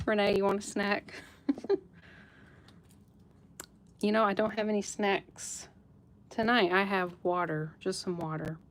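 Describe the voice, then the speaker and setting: A woman's voice: mid-range voice, level tone, slow pace, pauses often. A woman hosting a live jewelry sale stream, chatting casually with viewers by name and laughing often. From United States.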